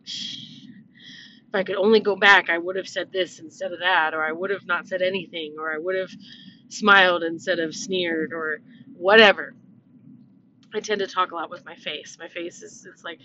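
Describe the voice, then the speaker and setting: A woman's voice: fairly low pitch, fairly even intonation, moderate pace, sharp tone. A middle-aged woman talking casually to her viewers in a chatty, reflective way, with many fillers and restarts. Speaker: vlogger. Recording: slightly dull, faint background noise.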